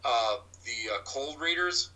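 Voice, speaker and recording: Male psychic-medium guest: sharp, bright voice, slightly off-mic, halting anecdotal delivery. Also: mid-range voice, lively intonation, recorded from a distance, low-quality recording. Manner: halting, repeats and restarts words. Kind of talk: rambling anecdotal storytelling.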